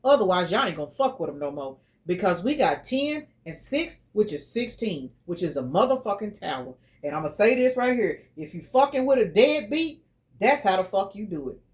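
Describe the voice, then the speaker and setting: A woman's voice: mid-range voice, sing-song, normal speed, darkish tone. A middle-aged woman giving a casual tarot reading, blunt, profane and preachy. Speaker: tarot reader.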